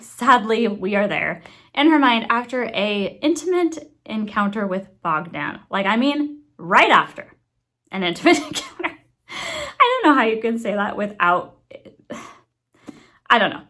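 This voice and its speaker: Woman ranting about a book she read, lots of "like" and "you know", annoyed but chatty. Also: mid-range voice. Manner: animated, exasperated, lots of fillers and asides. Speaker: book reviewer. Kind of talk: casual chatty book review vlog.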